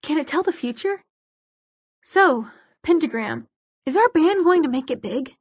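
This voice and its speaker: A woman's voice: sits high, expressive, a little slow, no room sound, voice pushed up. Flippant, casual young man, read by a woman; dry, narrow sound. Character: cheeky, careless young man.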